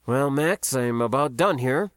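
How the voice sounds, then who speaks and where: A man's voice: mid-range voice, animated, a little slow, no room sound, clean studio sound, natural voice. A man voicing a cautious male health inspector who speaks formally in an audiobook. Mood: guarded. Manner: formal, careful. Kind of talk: audiobook character voice.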